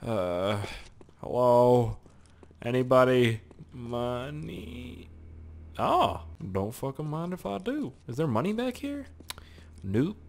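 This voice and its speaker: Young man, gameplay commentary, profane, excitable, animated pitch, loud outbursts. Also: takes it slowly, creaky, pauses often.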